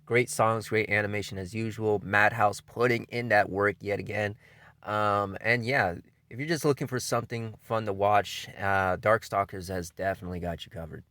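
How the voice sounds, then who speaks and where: A man casually hosting an anime countdown, talking in a loose, enthusiastic way, swearing freely and filling pauses with um and you know. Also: fairly low pitch, steady tone, a bit bright, no room sound, studio quality. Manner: laid-back and enthusiastic, with frequent swearing; loose delivery full of fillers like um and you know. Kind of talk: casual spoken countdown commentary.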